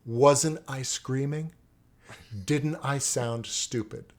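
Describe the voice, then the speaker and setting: A sheepish young schoolboy reading a line of his poem aloud, as a man acts him out in a story. He talks in an everyday voice at a middle pitch, small and apologetic at first and then loud. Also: fairly even intonation, slow, close to an everyday voice. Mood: embarrassed.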